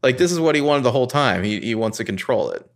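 A man with a noticeably gravelly, fry-laden voice chats casually about a TV episode. His pitch swings widely as he acts out scenes, and he swears freely. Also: fast talker. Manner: animated, profane, acts out scenes. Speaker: podcast co-host. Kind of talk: casual TV recap chat.

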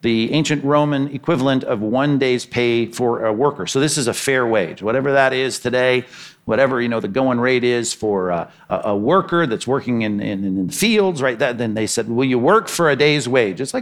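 A man preaching a sermon, reading scripture and acting out the characters' voices with lively energy. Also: mid-range voice, moderate pace. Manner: animated, acts out the characters' lines in the parable. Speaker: pastor.

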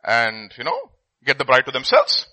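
A middle-aged man telling a story in a sermon, swinging between loud and hushed. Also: medium pitch, moderate pace, dry recording, rough recording.

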